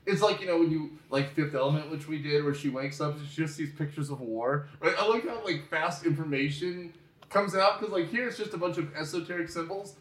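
A man co-hosting a loose movie chat, animated and quick with his asides. His voice sits a little high and lands a touch distant from the mic. The room around him sounds echoey. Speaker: podcast co-host. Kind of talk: casual chat about a movie.

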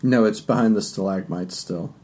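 A man narrating as game master of a tabletop game, describing scenes loosely with fillers and quick asides. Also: lowish voice, a crowd in the background.

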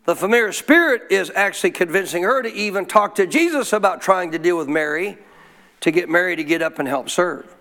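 Pastor, male, high voice, preaching with call-and-response and scripture quotes. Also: lively intonation, brisk, bright, forceful tone. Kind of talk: sermon.

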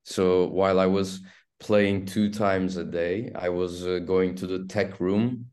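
A man from Turkey with a Turkish accent, an actor telling stories in an interview, halting and restarting as he goes. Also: deep voice. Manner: halting, restarts often, animated storytelling. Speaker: actor guest. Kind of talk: casual interview storytelling.

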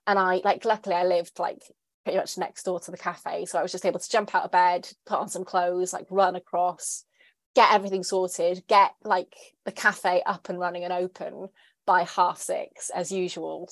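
A woman in her thirties, a writer, speaks as a podcast guest in a candid, chatty interview full of fillers. Her voice is on the low side and the recording is dry.

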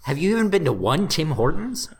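A man's voice: on the high side, very animated, fairly quick, a little hiss or hum. A man co-hosting a comics podcast, chatting and joking with the others. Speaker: podcast co-host. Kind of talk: casual chat.

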